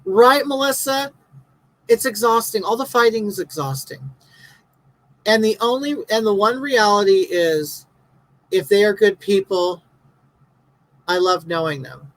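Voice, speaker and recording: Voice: mid-range voice, a little slow, pauses often, rough recording. A livestream host in their fifties, chatting casually with viewers and reading out their comments in a blunt, sarcastic, ranting way. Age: 50s.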